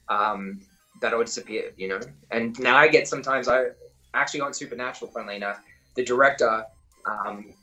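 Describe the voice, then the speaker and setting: A man's voice: medium pitch, pushed and bright, low-quality recording. A man with an Australian accent, an actor talking casually in an interview, rambling and correcting himself with lots of fillers.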